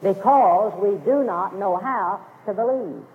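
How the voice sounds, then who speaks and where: A man with a high voice delivers an emphatic sermon, driving his points home by repeating key phrases. His voice has a long reverb tail, as if he is in a big sanctuary. The sound is thin and narrow, like an old phone-line radio broadcast. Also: measured pace. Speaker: preacher.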